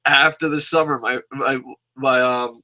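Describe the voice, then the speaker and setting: A man's voice: medium pitch, steady tone, measured pace, pushed and bright. A man in his thirties from New Jersey, a podcast host telling a story casually, swearing a lot and laughing as he talks. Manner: profane, laughs often while talking.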